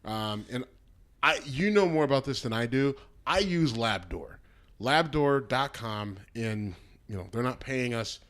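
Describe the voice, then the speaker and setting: A man's voice: medium pitch, animated, unhurried, fairly bright tone. A man co-hosting a casual podcast, talking bluntly and throwing in crude jokes. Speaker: podcast co-host. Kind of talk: casual chat.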